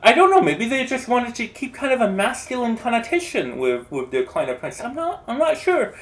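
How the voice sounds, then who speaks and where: A language video creator explaining translation in a casual, think-aloud way, often hedging and restarting. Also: medium pitch.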